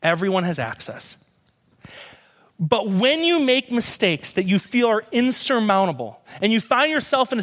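High-voiced, animated young male preacher. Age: young adult. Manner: animated storytelling, acts out quoted voices. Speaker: guest speaker. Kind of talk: sermon.

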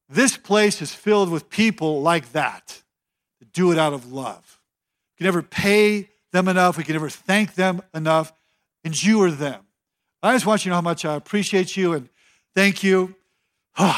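Man, pastor, sermon, high voice, emphatic, repeats himself. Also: a bit bright. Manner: conversational, emphatic, repeats phrases.

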